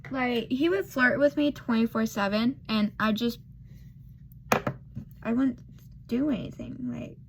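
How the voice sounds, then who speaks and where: Doing her makeup, a young woman of eighteen murmurs asides while telling a rambling personal story full of fillers and digs at herself. Her voice is a little high and a little slow, with creak and frequent pauses, and there's background noise.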